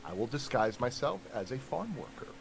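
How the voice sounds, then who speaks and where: A man playing a tabletop game, describing his moves and reading out spell rules in a halting way. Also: mid-range voice, sing-song, gravelly, faint music behind. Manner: halting, many fillers. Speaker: tabletop player.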